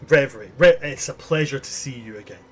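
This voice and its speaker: A man's voice: medium pitch, fast talker, slightly rough, natural voice. A man voicing a gracious, courteous human king in his own everyday voice, as game master in a tabletop game. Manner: courteous and welcoming.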